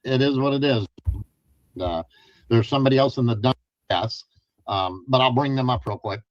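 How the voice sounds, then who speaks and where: A male livestream host talks in a halting way, full of fillers and restarts. The audio is dull and lo-fi. The sound is dry and close. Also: medium pitch, no echo. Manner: hesitant, halting, many fillers. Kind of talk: casual livestream talk.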